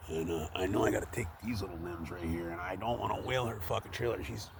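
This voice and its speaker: A tree worker vlogs from up in a tree outdoors, rambling, swearing, and using lots of fillers as he talks to the camera while working. His voice is low with vocal fry, he speaks quickly, and there's background noise.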